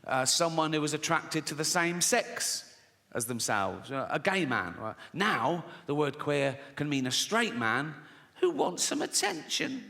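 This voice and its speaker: A stand-up comedian performs live, mocking and crude as he tells his stories bluntly. His fairly high voice is expressive, unhurried and sharp-toned, recorded amid the noise of the comedy venue.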